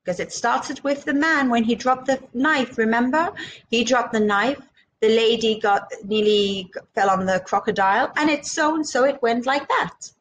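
A woman's voice: fairly high pitch, normal speed, slight background noise, low-quality recording. A woman reading a children's picture book aloud, acting out sound effects and chatting to young listeners. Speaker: children's storyteller.

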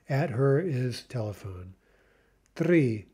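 A man's voice: medium pitch, expressive, slow, warm tone, breathy edge. A man teaching a recorded language lesson, explaining patiently and often checking in with "right?".

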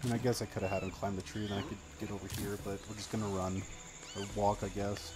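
A man's voice: on the low side, quick pace, over music. A man streaming a video game, chatting to the characters and yelping in panic when things go wrong, with game sounds audible behind him. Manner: excitable, talks to the game characters, yelps in panic; frequent exclamations and filler words. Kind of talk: live gameplay commentary.

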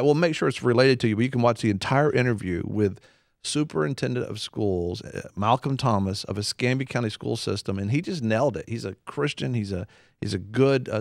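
A man's voice: medium pitch, creaky, no echo, studio quality. Emphatic man hosting a Christian talk show. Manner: emphatic, preacher-like, repeats for stress.

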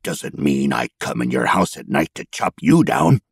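A man's voice: rumbling low, animated, vocal fry, slightly rough, no echo, studio quality, voice pushed down, exaggerated voice. A man voicing a scrawny, humpbacked male goblin who talks in a growling, rustic drawl, irritable and stubborn. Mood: snappish. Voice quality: growling, rustic folksy speech. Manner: snappish, then slow and brooding.

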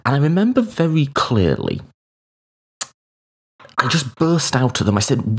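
A man's voice: mid-range voice, huge pitch swings, unhurried, long pauses, slightly rough. A man in his thirties, hosting a solo podcast and telling a personal story in a reflective way, with hesitations. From United Kingdom. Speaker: podcast host.

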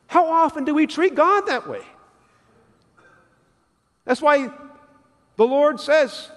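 A pastor preaching in a church sanctuary, his high, lively voice swinging up and down as he acts out everyday scenes. Long reverb from the room trails after each phrase. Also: a little slow, long pauses. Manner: animated storytelling, acting out little scenes. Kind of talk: sermon.

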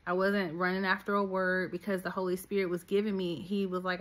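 Woman minister-coach, middle-aged, low-set voice, exhorting listeners directly. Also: brisk, hardly any pauses. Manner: animated, preachy, talks straight to listeners. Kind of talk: sermon-style teaching.

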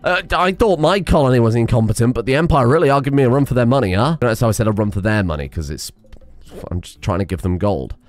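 A man's voice: mid-range voice, lively intonation, fast talker. A man giving casual, sarcastic commentary over his own gameplay, swearing and laughing as he talks. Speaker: gaming video creator.

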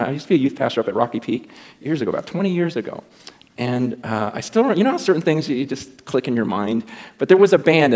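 A middle-aged man preaching a sermon as pastor, telling a story in an animated way and swinging between loud bursts and hushed asides. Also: mid-range voice.

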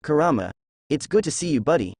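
A man's voice: on the high side, very animated, a little fast, gravelly, a little mellow, slightly rough, dry recording, clean studio sound, full character voice. A man voicing a playful, optimistic young male ninja in a read-aloud story. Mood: upbeat. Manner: playful, upbeat.

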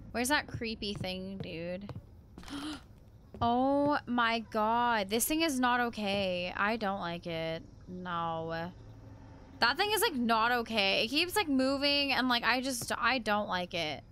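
High, lively-voiced woman gamer, drawling. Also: slow. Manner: talks to herself, filler "like", swears and gasps when startled. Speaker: gamer playing a horror game. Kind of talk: casual let's-play commentary. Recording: noisy home recording.

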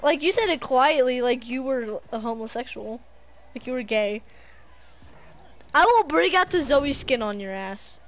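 A young woman playing a video game with a friend, yelling, swearing and joking. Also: high-pitched, lively intonation, measured pace. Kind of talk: casual gaming chat.

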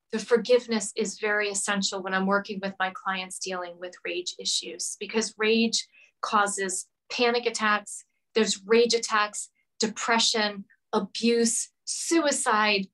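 A woman from Rhode Island, appearing as a podcast guest, earnestly shares an emotional personal story of forgiveness in an interview. Her mid-range voice is a bit bright, and the recording is rough.

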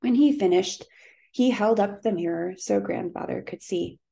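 A woman narrating a children's novel aloud in a steady, even storytelling manner. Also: medium pitch, normal speed, creaky. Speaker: audiobook narrator.

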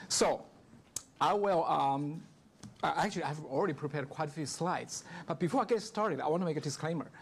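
A man with a Chinese accent gives a guest lecture from a podium, his voice set fairly high and gravelly at the edges. He keeps the tone light with jokes and keeps asking "right?" to draw the listeners in. There is a faint hiss under his voice. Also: fairly quick. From southern China. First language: Mandarin Chinese.

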